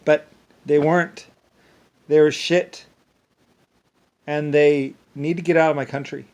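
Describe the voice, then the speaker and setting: A man's voice: fairly high pitch, level tone, unhurried, a little mellow, clean tone. A man in a rambling, angry monologue that keeps repeating itself and often stumbles over restarts. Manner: angry, repetitive ranting with profanity.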